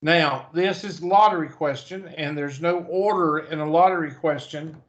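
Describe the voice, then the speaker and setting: A man's voice: on the high side, moderate pace. A man with a Southern US accent teaching a math class over a video call, chatty and thinking aloud as he goes. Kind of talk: online class lecture. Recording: muffled video call audio.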